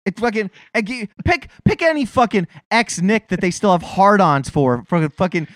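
A man's voice: sits high, lively intonation, normal speed, a bit bright, dry recording, clean studio sound. A man co-hosting a casual chat, ranting heatedly with constant swearing.

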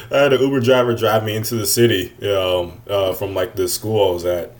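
A man's voice: lowish voice, steady tone, a little fast. A man in his twenties telling a rambling story over a remote call, full of fillers. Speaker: podcast co-host. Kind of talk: casual storytelling.

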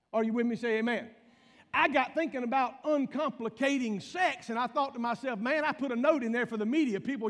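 High-voiced pastor in a reverberant hall. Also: male voice, a bit bright. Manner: folksy storytelling with call-outs to the congregation. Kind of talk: humorous sermon.

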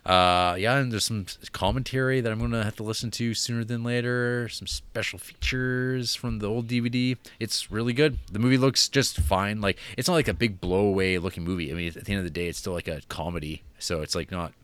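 Low-voiced man rambling in casual chat. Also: steady tone, brisk, hardly any pauses, fairly bright tone, smooth, no echo. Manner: rambling, many fillers and restarts. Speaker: podcast co-host.

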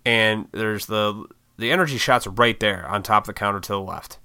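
Guy ranting about his morning, cusses a lot, bright clean voice, no room sound. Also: on the low side, normal speed, clear, resonant tone, no room sound, clean studio sound. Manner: rambling, profane, self-deprecating. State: short on sleep. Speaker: vlogger. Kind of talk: casual storytelling monologue.

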